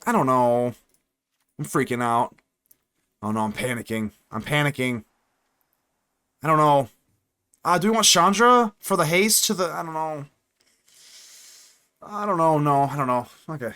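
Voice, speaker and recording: Guy streaming card games, super lively pitch, chatty, thinking out loud, hyped then nervous. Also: unhurried, pauses often, clear, resonant tone. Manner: chatty, excitable, thinks aloud, swings from playful to worried. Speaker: card game streamer and channel host. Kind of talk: live gameplay commentary.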